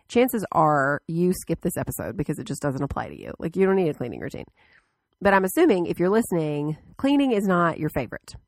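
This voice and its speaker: Casting: low-pitched woman host with a congested cold voice, chatty and rambling, in a very dry close sound. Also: darkish tone, dry recording. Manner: chatty, lots of fillers and restarts. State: stuffed up from a cold. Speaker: podcast host. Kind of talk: casual solo podcast talk.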